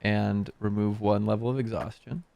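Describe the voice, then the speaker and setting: A man running a tabletop game as dungeon master, calm and organizing. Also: on the low side, moderate pace, gravelly.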